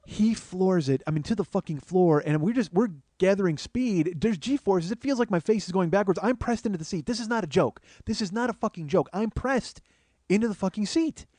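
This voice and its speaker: Profane, animated male comedian telling a story. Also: brisk, dry recording, studio quality. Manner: animated, profane storytelling that builds from low murmurs to excited outbursts. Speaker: comedian and podcast host. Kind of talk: storytelling monologue.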